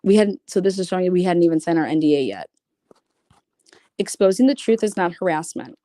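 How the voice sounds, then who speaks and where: A woman's voice: lowish voice, lively intonation, brisk, dark tone, dry recording. A woman streaming casually, reading private messages aloud with blunt, sarcastic, profane asides. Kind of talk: casual livestream commentary.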